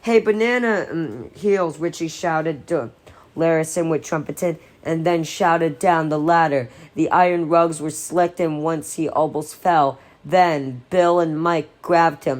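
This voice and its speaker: A woman reads a novel aloud in a low-pitched voice. Her delivery is unpolished, with small slips she stops to correct. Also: darkish tone. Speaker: audiobook reader.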